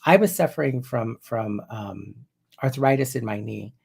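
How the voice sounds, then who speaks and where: A man's voice: mid-range voice, a little slow, gravelly, slightly rough. A man in his fifties, a hypnotherapist, teaching viewers in a loose, conversational way and often restarting his sentences. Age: 50s. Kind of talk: casual spoken teaching to viewers.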